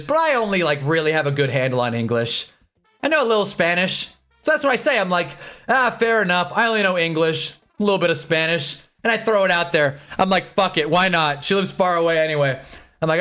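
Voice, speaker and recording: A young man with a Midwestern American accent talks on a live stream in a bright, high-pitched voice that leaps up and down in pitch. He tells a dating story with lots of laughter and quick remarks on the game, while faint music plays underneath. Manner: animated, laughing, jumping to game asides. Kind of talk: casual storytelling while watching football.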